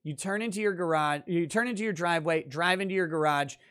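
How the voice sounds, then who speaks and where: A man's voice: fairly high pitch, fast, a bit bright, clear, resonant tone. Emphatic male lawyer talking through a ruling. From central Minnesota, United States. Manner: conversational, emphatic, thinks aloud while reading rulings. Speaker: lawyer and legal commentator. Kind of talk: legal commentary.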